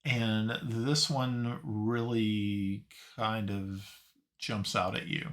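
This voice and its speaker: Slow, halting male game master. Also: lowish voice, steady tone, fairly bright tone. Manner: halting, searching for words. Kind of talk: narrating a tabletop game.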